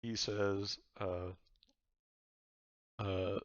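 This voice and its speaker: A man's voice: on the low side, level tone, extremely slow, dry recording. A man narrating a tabletop game as game master, in a casual way with laughs and frequent swearing. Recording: dull lo-fi recording.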